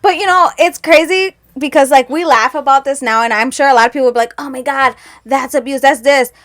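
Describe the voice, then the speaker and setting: A woman co-hosting a podcast rambles through family stories in casual conversation, laughing often and acting out her relatives' lines. Her voice is high, fairly quick, and fairly bright.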